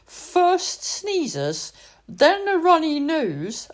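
Brief: woman storyteller, children's read-aloud, very lively sing-song pitch, slow and clear. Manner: expressive, sing-song reading.

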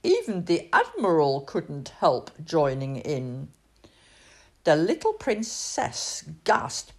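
Brief: woman storyteller, children's read-aloud, very lively sing-song pitch, slow and clear. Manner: expressive, sing-song reading.

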